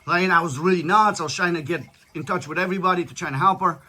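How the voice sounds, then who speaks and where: A man with a high-pitched, bright, forceful voice holds forth in casual chat. He lectures his daughter bluntly, peppering his stories with profanity. He sounds sure of every point he makes. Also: rapid-fire. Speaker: father talking with his daughter.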